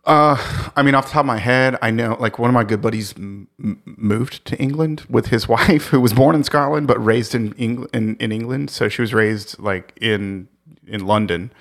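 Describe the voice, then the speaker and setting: A man's voice: mid-range voice, normal speed, fairly bright tone. A man co-hosting a podcast in casual chat, easygoing and often hesitant as he talks. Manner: easygoing, hesitant, restarts words. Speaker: podcast co-host.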